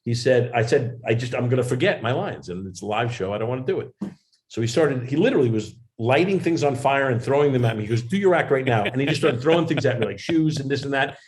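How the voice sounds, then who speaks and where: A man's voice: mid-range voice, expressive, fast talker, a little mellow, a little hiss or hum. Rambling man telling stories on a video call. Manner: rambling, self-deprecating, many restarts. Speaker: actor and comedian, guest. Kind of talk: casual interview storytelling.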